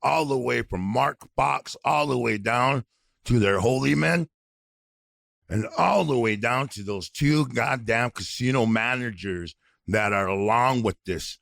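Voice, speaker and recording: A man's voice: medium pitch, unhurried, vocal fry, fairly bright tone, no room sound, studio quality. A middle-aged man from North Dakota, co-hosting a podcast in a heated, blunt rant full of swearing. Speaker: podcast co-host. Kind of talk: angry outspoken podcast rant.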